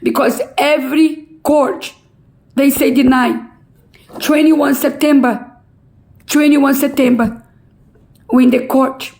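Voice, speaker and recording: A middle-aged woman making an impassioned, pleading public appeal in halting non-native English. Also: high voice, creaky, darkish tone, rough recording. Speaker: relative pleading a court case.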